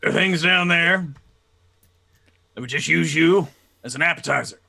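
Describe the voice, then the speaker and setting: A man's voice: fairly high pitch, moderate pace, gravelly, bright, forceful tone, voice pushed up, heavily acted. A man doing a grave city official giving warnings. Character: stern male city official addressing volunteers.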